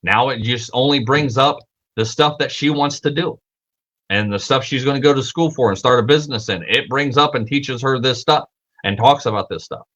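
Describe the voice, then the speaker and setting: Bright-voiced man, rambling and profane. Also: mid-range voice, moderate pace, dull audio. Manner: rambling, profane, self-correcting, repeats fillers. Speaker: podcast host. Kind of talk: casual livestream talk.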